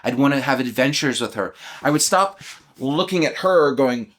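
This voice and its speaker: A man in his fifties speaks in a candid, searching way, putting questions to himself and answering them aloud. His talk is earnest and emotional, open and vulnerable, and now and then broken by soft laughs. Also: mid-range voice, brisk. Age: 50s. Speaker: channel host. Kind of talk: reflective spoken self-inquiry.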